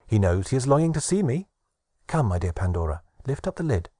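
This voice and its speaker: Sweet little fairy girl, playful and coaxing, kinda husky , a guy doing the voice. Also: mid-range voice, sing-song, a little fast, mellow, no room sound. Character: sweet cheerful female fairy Hope. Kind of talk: audiobook narration.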